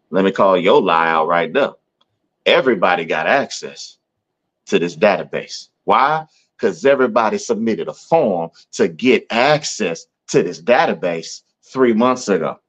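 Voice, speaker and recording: A man co-hosting a podcast, telling a work story in casual chat, acting out other people's lines in a higher voice and often asking "you know what I'm saying". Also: a little slow. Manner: animated, acts out quoted voices in a higher pitch. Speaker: podcast co-host. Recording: dull lo-fi sound.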